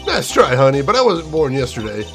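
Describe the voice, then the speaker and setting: A man's voice: mid-range voice, sing-song, brisk, soft background music, lightly acted. A man voicing a chatty Southern woman photographer with a drawl and homespun sayings. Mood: sassy.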